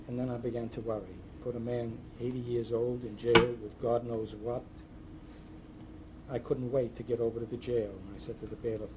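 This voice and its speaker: Older male speaker, mid-pitched voice, dry wit and well-timed punchlines, noisy hall recording. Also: flat delivery, a little fast. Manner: dry storytelling with punchline timing. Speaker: retired judge giving a speech. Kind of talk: humorous anecdotes at a ceremony. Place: ceremony hall with a live audience.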